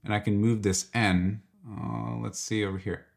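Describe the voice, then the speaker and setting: Deep-voiced man explaining software. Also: moderate pace, vocal fry. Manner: relaxed, exploratory, explaining while clicking. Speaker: tutorial presenter. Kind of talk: software walkthrough.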